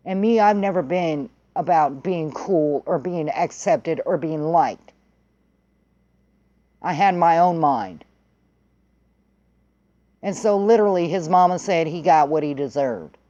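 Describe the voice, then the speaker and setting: Vlogger, casual storytelling, heated, profane, blunt, warm low tone. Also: muffled recording. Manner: blunt, heated, swearing freely.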